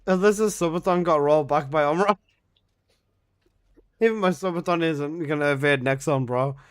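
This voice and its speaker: Excitable streamer guy, slightly high voice. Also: normal speed, clear, resonant tone. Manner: exclamatory, swears often, breaks into laughter. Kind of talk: live stream chat.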